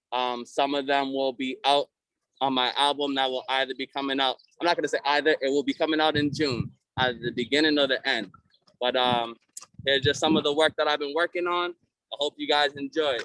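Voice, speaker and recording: A man's voice: mid-range voice, fairly bright tone, clear, resonant tone, dry recording. A young man with a Boston accent, performing rhymed spoken-word verses with a confident, rhythmic delivery and hyping up his audience on a video call. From Massachusetts, US. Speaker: featured poet and recording artist.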